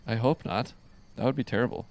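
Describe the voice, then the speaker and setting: Male podcast host, gravelly, casual and rambling. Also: medium pitch, brisk, a little mellow, dry recording. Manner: loose, rambling, swears casually. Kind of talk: casual chat.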